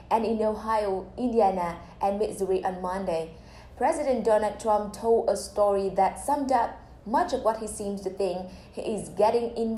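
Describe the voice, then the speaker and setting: Mellow-voiced woman presenting the news. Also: mid-range voice. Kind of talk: scripted news reading. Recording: roomy echo with faint background noise.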